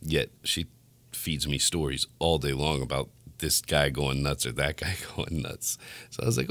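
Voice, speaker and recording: A man's voice: rumbling low, moderate pace, a bit bright, dry recording. A man hosting a podcast in casual chat, telling stories bluntly with lots of swearing. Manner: profane, blunt storytelling with frequent laughs. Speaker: podcast host.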